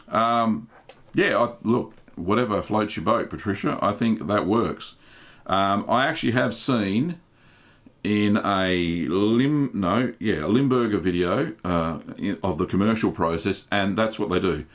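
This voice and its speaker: An Australian man hosting a live stream, reading viewer chat aloud and answering questions in a relaxed, chatty way with many ums. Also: deep voice. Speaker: host.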